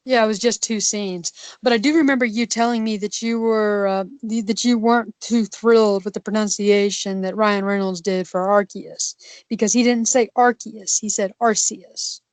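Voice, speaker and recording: Woman co-host, casual and halting, mid-pitched, dry close sound. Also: steady tone, darkish tone, no echo. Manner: halting, many fillers and restarts. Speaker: podcast co-host. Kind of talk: casual podcast chat.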